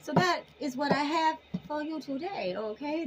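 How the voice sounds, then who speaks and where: Woman tarot reader, casual to-camera reading, folksy and emphatic, higher voice, faint hiss behind. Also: expressive, moderate pace, low-quality recording. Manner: emphatic, folksy, sassy endearments.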